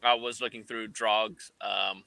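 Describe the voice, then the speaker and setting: A man's voice: lowish voice, little pitch movement, a little slow, vocal fry, bright, forceful tone, dry recording, low-quality recording. A man in casual gaming chat who often laughs between sentences. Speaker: tabletop game player.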